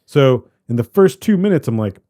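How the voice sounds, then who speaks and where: A man co-hosting a podcast, chatting casually about a movie in a rambling, animated way that keeps trailing off and restarting. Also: medium pitch, moderate pace. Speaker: podcast co-host. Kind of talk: casual movie review chat.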